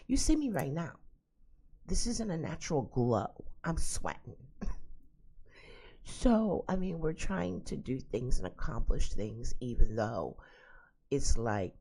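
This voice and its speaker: A woman's voice: a bass voice, warm tone, breathy edge. A woman vlogging at home, chatting casually to camera and telling exasperated stories full of asides. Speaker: psychic vlogger. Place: at home indoors.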